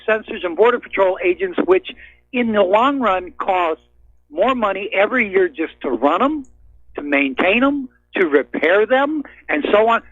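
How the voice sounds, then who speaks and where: Irate male radio caller, high husky voice over a phone line, blunt and profane. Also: no echo. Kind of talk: angry call-in rant. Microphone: telephone.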